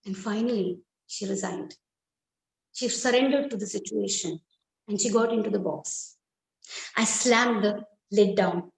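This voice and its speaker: A woman telling a dramatic first-person story in a slow, deliberate, expressive way. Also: mid-range voice. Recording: echoey room.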